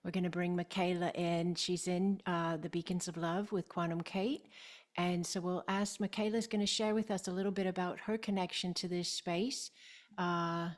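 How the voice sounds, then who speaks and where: A woman's voice: fairly low pitch, fairly even intonation, moderate pace. A woman hosting an interview on a video call, effusive and full of praise, often repeating herself and laughing. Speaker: host.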